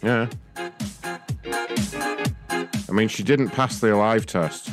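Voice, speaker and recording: A man playing a deadpan customer service agent in a prank phone call. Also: lowish voice, drawn-out words, music in the background. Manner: deadpan, mock-official phone manner. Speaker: prank caller.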